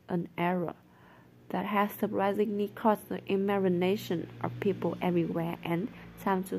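Woman, novel read aloud, soft, whispery at times, middle pitch. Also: creaky, slight background noise. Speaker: narrator.

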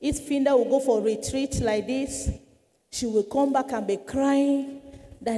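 A woman's voice: sits high, measured pace, dark tone, big-room sound. Woman evangelist giving testimony. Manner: earnest storytelling, dramatic shifts. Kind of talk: testimony sermon.

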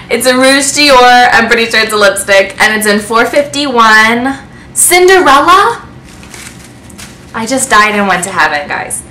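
Bright-voiced, gushing woman. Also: medium pitch, slight background noise. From United States. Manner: gushing, excitable, breathless with delight. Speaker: beauty vlogger. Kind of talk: casual unboxing chat to camera. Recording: echoey room.

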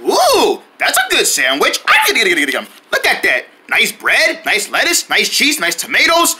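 A man's voice: high voice, huge pitch swings, moderate pace, sharp tone, full character voice. A man voicing a childish male sandwich thief who squeals, sings and panics. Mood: greedy delight. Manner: squealing, sing-song, panicky.

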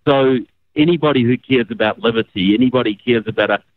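A man's voice: mid-range voice, fast. A man with a New Zealand accent, a guest speaking earnestly on a call-in show. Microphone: phone call. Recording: phone line.

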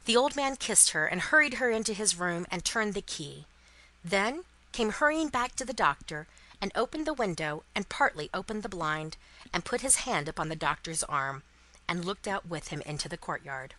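Woman, narrator, storybook reading, expressive, dramatic, bright voice. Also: on the low side, normal speed, low-quality recording. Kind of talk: storybook reading for English learners.

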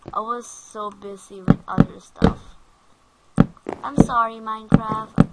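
Brief: woman gaming host, nervous and giggly, unhurried speech, loud noise in the background. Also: mid-range voice. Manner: jumpy, giggly, easily frightened. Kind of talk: casual let's play commentary.

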